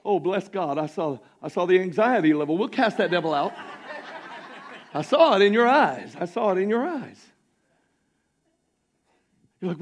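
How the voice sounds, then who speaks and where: A male pastor with a Southern American accent delivers a sermon in a notably high voice for a man. He swings between rousing, shouted declarations and sudden near-quiet asides, speaking to his congregation in a church sanctuary. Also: animated, moderate pace, long pauses.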